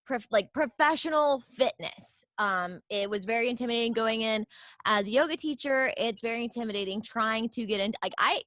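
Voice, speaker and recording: A woman co-host talks in a rambling, confessional way, full of likes and ums. Her voice is bright and a little high. The recording is dry and close. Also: expressive, normal speed, no echo. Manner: confessional, rambling with many fillers. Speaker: podcast co-host. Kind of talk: casual interview chat.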